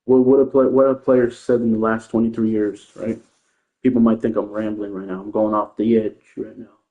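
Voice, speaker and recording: A man's voice: lowish voice, flat delivery, moderate pace, warm tone. Male gamer ranting, rambling and defensive, tinny phone-quality audio. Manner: rambling, defensive, repeats himself. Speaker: gaming streamer. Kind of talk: casual ranting commentary. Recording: tinny phone-like sound in an echoey room.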